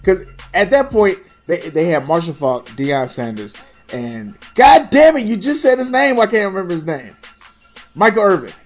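A young man talks sports in loose, profane banter, quick to dismiss what bugs him. His voice sits slightly high, and faint music runs low beneath the chat. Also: big pitch swings. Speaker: podcast co-host.

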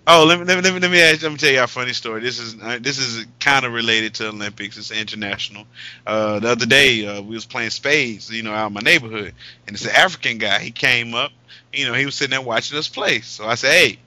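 A bright, cutting voice belongs to this American man, a podcast co-host who tells loud, joking stories. He talks in easygoing banter with his co-hosts. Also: medium pitch, quick pace, dry recording, poor audio. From United States. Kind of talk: casual banter.

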